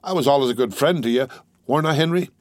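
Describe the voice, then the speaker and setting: A man's voice: mid-range voice, brisk, dry recording, clean studio sound, close to an everyday voice. A man voicing a badly wounded young soldier who pleads in a stammering rural drawl. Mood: frightened pleading.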